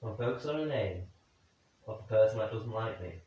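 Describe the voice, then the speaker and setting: An animated paranormal investigator with a fairly low voice speculates out loud on a night vigil in an indoor room, stopping to reason, second-guessing himself, and putting questions straight to the spirits. The recording is distant and very echoey, with dull lo-fi quality.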